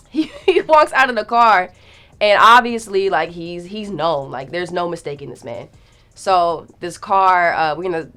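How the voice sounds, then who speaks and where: A young woman telling a story in a casual, animated way, acting out the quotes and swearing freely. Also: fairly low pitch.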